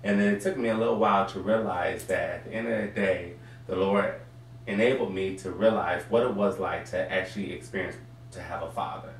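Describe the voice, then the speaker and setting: On a casual talk show, a sweet potato pie baker appears as a guest and speaks earnestly and reflectively, growing playful when he teases the host. His voice is low with fairly even intonation and a fairly quick pace, heard through a distant mic in an echoey room with faint crowd and noise.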